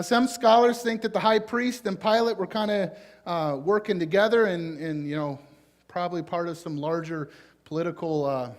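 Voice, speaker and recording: Man, Southern US accent, pastor, high voice, informal sermon, folksy, fillers. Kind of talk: conversational sermon.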